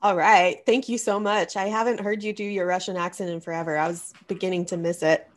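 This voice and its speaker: A woman's voice: on the low side, steady tone, fairly quick. A woman hosting a casual chat, wry and emphatic, calling herself cynical. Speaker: podcast host.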